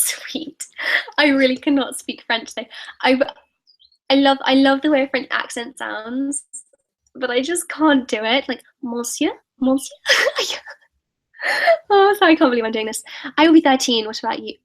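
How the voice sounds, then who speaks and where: A woman's voice: a little high, rough recording. Chatty teenage girl on a live stream. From United Kingdom. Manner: chatty and upbeat, reading out comments then answering. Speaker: YouTuber answering live questions.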